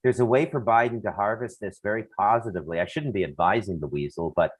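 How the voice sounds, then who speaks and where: A man with a fairly low voice chats on a comedy show. He drops dry, sardonic asides in a mocking tone. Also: fast, slightly rough, rough recording. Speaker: co-host. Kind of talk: casual comedy chat.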